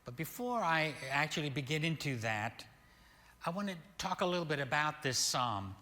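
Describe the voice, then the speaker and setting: An older man, a minister, giving a sermon in a slow, deliberate way, stressing key words. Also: fairly high pitch, lively intonation, sharp tone. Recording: hall reverb.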